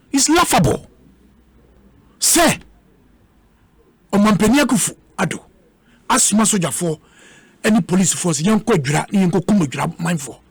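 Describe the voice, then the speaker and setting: A man's voice: high-pitched, slightly rough, no echo. Combative Ghanaian man in heated debate. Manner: combative, repeats words in bursts. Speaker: panelist.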